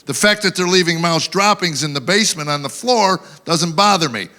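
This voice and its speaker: A man doing stand-up on an awards show stage, spinning wry stories about home life. His voice is bright and sits a little high. He slips in quick character voices for his punchlines. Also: expressive. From Tennessee, USA. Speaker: stand-up comedian. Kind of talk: live stand-up routine.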